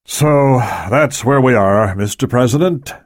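A man's voice: mid-range voice, measured pace, no room sound, voice pushed up, close to an everyday voice. Man doing a plain spoken spy official, audiobook, dry. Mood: matter-of-fact. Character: male spy official briefing the president.

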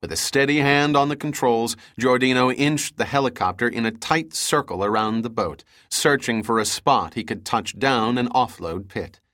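A man giving steady, even scripted audiobook narration of an adventure novel. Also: mid-range voice, moderate pace, few pauses, no room sound, studio quality.

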